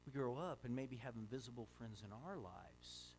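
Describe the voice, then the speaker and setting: A man's voice: mid-range voice, lively intonation, normal speed, a little mellow, a little hiss or hum. A middle-aged man preaching a sermon as a pastor, telling stories conversationally with frequent fillers and restarts.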